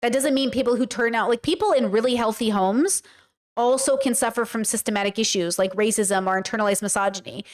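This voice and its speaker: A woman with a slightly high-pitched voice talks straight to her livestream audience. She is blunt and emphatic and swears casually as she reacts and explains. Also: a little fast. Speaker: streamer and commentator.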